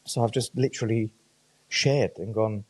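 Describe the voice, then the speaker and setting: A man's voice: fairly low pitch, fairly even intonation, normal speed, darkish tone. A man, a podcast guest telling his stories casually, swearing freely and acting out the voices of people he quotes. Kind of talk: casual storytelling chat.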